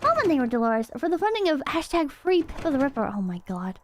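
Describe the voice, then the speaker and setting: A woman streaming a horror game, chatting excitably and rambling, swearing freely as she plays. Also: sits high, fast. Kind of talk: casual game stream chat.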